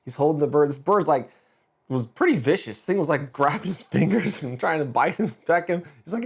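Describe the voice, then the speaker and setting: A man hosting a motivational podcast, telling a personal story in a lively, anecdotal way. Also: fairly high pitch, a little fast, creaky, slightly rough. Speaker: podcast host.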